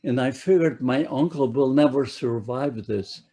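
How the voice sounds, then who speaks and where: An elderly man in his nineties gives his testimony at a slow, measured pace. His voice is mellow and dark with a husky grain. He speaks haltingly and often repeats words as he gathers his thoughts. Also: medium pitch. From Poland. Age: 90s. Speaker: Holocaust survivor giving a talk. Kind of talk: personal testimony to an audience.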